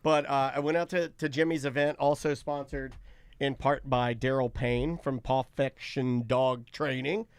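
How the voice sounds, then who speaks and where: A man's voice: mid-range voice, steady tone, unhurried, clear, resonant tone, dry recording. Chatty man with a dry close mic. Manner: rambling, self-mocking storyteller. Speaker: radio show co-host. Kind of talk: casual chat.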